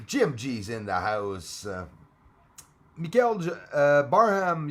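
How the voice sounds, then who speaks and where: A man's voice: mid-range voice, very animated, measured pace. A middle-aged man, hosting a casual live stream, reading out viewer comments with lots of fillers and the odd cough. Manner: chatty, reads out viewer comments, frequent fillers. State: coughing now and then. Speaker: livestream host.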